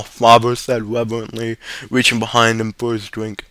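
A man reading a short story aloud, steady but stumbling now and then. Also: mid-range voice, normal speed, clear, resonant tone, no room sound. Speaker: reader.

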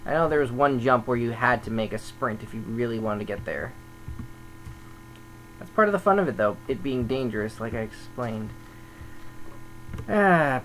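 A man's voice: mid-range voice, fairly bright tone, slight background noise, rough recording. Chatty grumbling man narrating gameplay. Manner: chatty, grumbling, thinking aloud. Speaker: server admin. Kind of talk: casual gameplay commentary.

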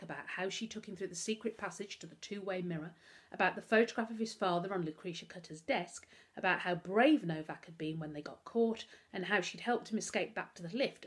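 A woman teacher, reading a children's novel aloud to her class as an expressive storyteller. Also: on the low side, husky. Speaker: primary school teacher.

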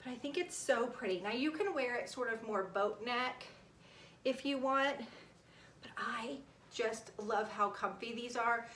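A chatty woman in her forties records a product review vlog at home. Her voice is high and very bright, and her talk is enthusiastic but often drops to a hushed tone. Faint noise sits under the recording. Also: unhurried. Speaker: lifestyle vlogger.

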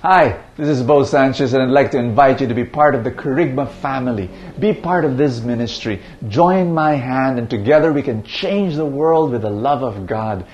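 Preacher making an inviting appeal. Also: male voice, mid-range voice, normal speed, few pauses, a little mellow, muffled recording. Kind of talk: ministry appeal and blessing prayer.

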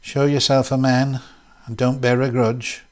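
A man's voice: mid-range voice, little pitch movement, a little slow, a little mellow, lightly acted. A man voicing a bold, mocking young woman tram conductor in a story reading. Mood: taunting. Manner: taunting.

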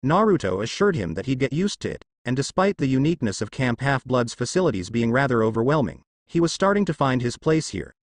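A man reads a fan story aloud with an animated, expressive pitch. His voice sits mid-range and close, with no room sound around it. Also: fairly quick, hardly any pauses, dry recording. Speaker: fanfiction reader. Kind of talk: scripted story narration.

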